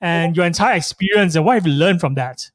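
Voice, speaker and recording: High-voiced upbeat male host. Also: fairly quick, no echo. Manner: upbeat, effusive introductions. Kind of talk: live online interview.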